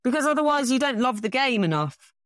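A middle-aged English woman, a bridge champion being interviewed, telling self-deprecating stories in a casual, animated way. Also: sits high, a little fast, dry recording, clean studio sound. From England.

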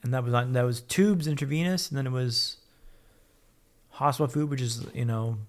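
A man's voice: medium pitch, normal speed. A man telling his own story as a podcast guest, blunt and upbeat, swearing freely. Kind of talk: casual candid storytelling.

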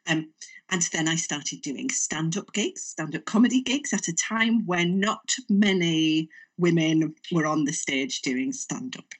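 A woman's voice: low voice, unhurried, far from the mic. A woman with a Northern English accent, a writer and comedian talking animatedly as a podcast guest. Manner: animated, chatty storyteller. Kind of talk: casual podcast interview.

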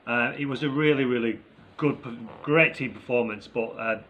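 A man co-hosting a casual football podcast, upbeat and relaxed, giving short verdicts. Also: mid-range voice, normal speed, narrow, tinny audio. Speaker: podcast co-host.

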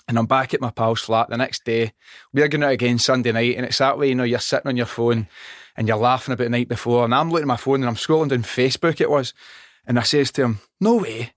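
A middle-aged Scottish man chatting on a podcast, telling an animated, sweary story and acting out the dialogue. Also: medium pitch, fast, no echo, studio quality. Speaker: podcast guest. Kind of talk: casual chat. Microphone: studio microphone.

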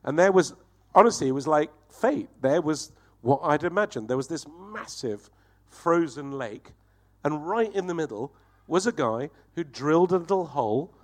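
A man, telling a profane, animated anecdote and laughing through it as a comedy guest. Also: a little high, moderate pace. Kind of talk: anecdotal storytelling.

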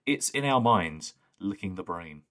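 A man's voice: low voice, lively intonation, a little slow, bright, forceful tone. A man co-hosting a podcast in casual chat, talking in a rambling, enthusiastic way. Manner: rambling, enthusiastic, full of "like" fillers. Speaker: podcast co-host.

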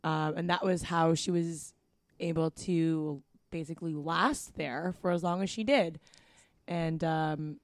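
A woman co-hosting a podcast, chatting quickly with a teasing edge. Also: low-pitched, fairly even intonation, no room sound, clean studio sound. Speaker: podcast co-host. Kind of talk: casual chat.

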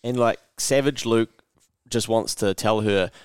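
Candid, sweary New Zealand man, low voice. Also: unhurried, clear, resonant tone, dry recording, studio quality. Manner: candid, sweary storyteller acting out his own thoughts. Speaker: podcast host. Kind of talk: casual chat.

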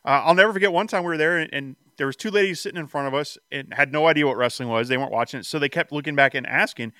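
A man telling an animated story in a casual podcast chat, quoting other people as he goes. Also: fairly high pitch, very fast, few pauses, clear, resonant tone, no echo, studio quality.

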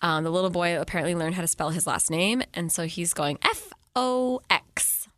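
A woman's voice: on the low side, fairly even intonation, fast talker, a bit bright, no echo. A woman co-hosting a casual movie-review podcast, talking animatedly, swearing freely and acting out characters' lines. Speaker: podcast co-host.

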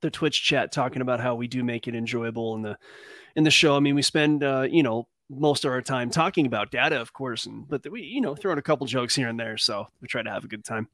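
A man hosting a trading show, talking in a relaxed, rambling way with many fillers. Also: medium pitch, fast talker, no room sound, studio quality. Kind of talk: casual chat.

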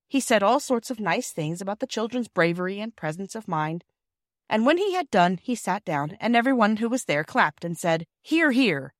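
A woman narrates a classic children's book in a gentle, steady storytelling voice at a mid pitch. The recording is close and dry, with no room sound at all. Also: normal speed, no echo. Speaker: audiobook reader. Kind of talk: scripted narration.

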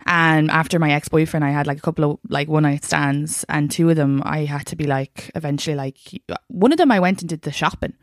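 A woman with a lowish voice, chatting on a podcast in a sweary, laughing way. The sound is close and dry, with no room around her. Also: brisk, hardly any pauses, no echo. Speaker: podcast co-host. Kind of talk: casual chat.

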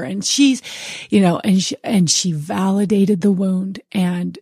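A woman's voice: mid-range voice, unhurried, warm tone, husky, no room sound, clean studio sound. A woman hosting a book chat, reflective and affirming as she talks. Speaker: podcast host. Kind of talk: casual chat.

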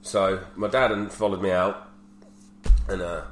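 Man, 30s, low voice, frank podcast storyteller, echoey room. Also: steady tone, a little slow, a bit bright. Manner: candid storyteller, swears freely. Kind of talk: casual chat. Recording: roomy echo with faint hum.

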